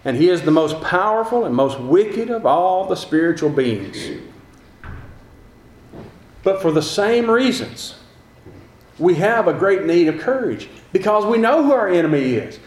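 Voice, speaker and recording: Man, preacher, sermon, earnest repetition, high voice, roomy echo. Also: sing-song, measured pace, long pauses. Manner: earnest, repetitive rhetorical build-ups.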